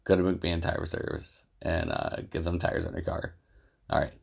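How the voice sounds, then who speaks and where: Deep, gravelly-voiced man rambling jokingly. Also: completely flat delivery, normal speed, very noisy. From Southern California. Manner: rambling, joking, filler-heavy. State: out of breath. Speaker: podcast co-host. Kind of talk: casual podcast chat and self-read ad.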